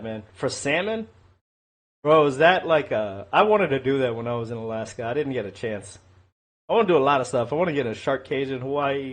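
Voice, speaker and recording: Rambling casual man livestreaming. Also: medium pitch. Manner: rambling, thinks aloud, chats with viewers. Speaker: livestream host. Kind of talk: casual livestream commentary on stocks.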